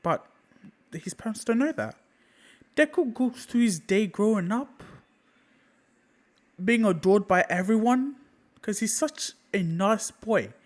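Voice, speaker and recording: A man narrating an improvised fan story in a casual, halting way, often repeating his phrases. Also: high-pitched, animated, rough recording.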